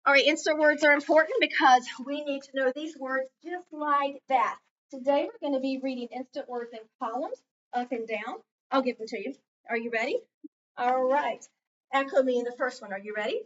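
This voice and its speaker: A woman's voice: high-pitched, brisk, a bit bright, a little hiss or hum. A woman teaching a small group of children to read, patiently leading call-and-response drills in a classroom. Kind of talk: classroom reading lesson. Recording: distant, muffled classroom recording.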